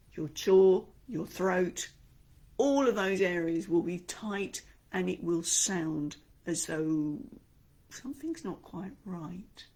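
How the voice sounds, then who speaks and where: A woman's voice: medium pitch, darkish tone, husky. An Australian woman teaching an online speaking lesson, talking expressively and acting out the inner voices she describes. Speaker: speaking coach.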